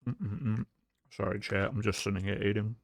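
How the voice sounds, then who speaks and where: Gravelly, low-voiced young male streamer. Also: steady tone, normal speed, no echo, studio quality. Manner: rambling, with many fillers and laughs. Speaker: livestream host. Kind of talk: casual livestream chat.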